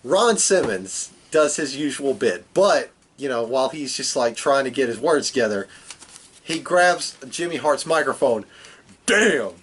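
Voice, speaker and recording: A man's voice: mid-range voice, animated, moderate pace, hardly any pauses, slight background noise. A man co-hosting a podcast, casually recapping wrestling with dry joking asides. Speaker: podcast co-host.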